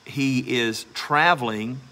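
A man's voice: mid-range voice, slow, sharp tone. A man preaching a sermon as pastor, emphatic and exhorting, repeating phrases for stress.

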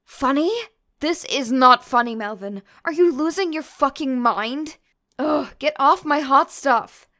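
Woman as a protective big sister, scolding, bossy, high bright voice. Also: unhurried.

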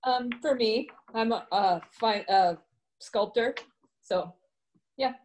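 Woman, sculptor, modest and soft-spoken, higher voice, video call. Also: takes it slowly, a little hiss or hum, rough recording. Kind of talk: casual chat on a video call.

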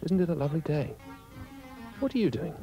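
A sweet little cartoon girl asks one innocent question after another, voiced by a man. The voice is lifted well above his own and stays eager and bouncy. Soft music runs underneath. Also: on the high side, animated, fairly quick, pitched above the performer's own voice.

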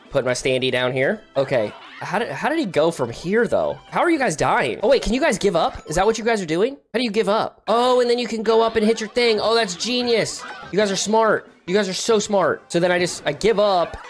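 A young man giving casual, excitable commentary while playing a multiplayer game with friends, yelping and laughing at his mistakes. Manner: excitable, yelps high when frustrated, laughs often. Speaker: gaming YouTuber.

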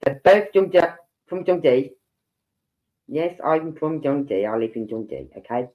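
This woman from Birmingham, England, hosts a livestream with a Birmingham accent and an extremely low, expressive voice that runs a little slow. She chats casually with her live audience like a storyteller, acting out the voices of the people in her stories. The stream audio is dull and lo-fi.

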